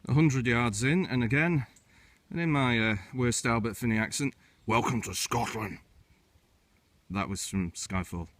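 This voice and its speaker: A man's voice: mid-range voice, moderate pace, a bit bright. A man giving casual, chatty commentary as he guides viewers along a hill walk outdoors, often starting each new step of the route with "right". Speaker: hiking vlogger and walk guide. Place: outdoors on windy hills.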